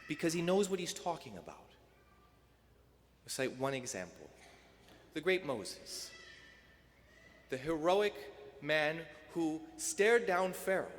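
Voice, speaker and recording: A man, a priest, giving a sermon in a rhetorical, emphatic style that swells to loud peaks and then drops soft. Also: fairly high pitch, a little hiss or hum. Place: church. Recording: long church reverb.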